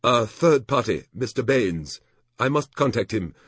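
A man's voice: mid-range voice, expressive, unhurried, husky, dry recording, clean studio sound, pitched above the performer's own voice. A man voicing a fretful male trade official who talks in clipped, formal phrases.

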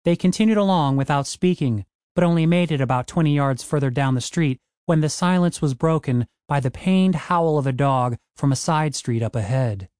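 A man narrating a comic fantasy audiobook in a wry, lively storytelling manner. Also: on the high side, normal speed, few pauses, smooth, no echo, clean studio sound.

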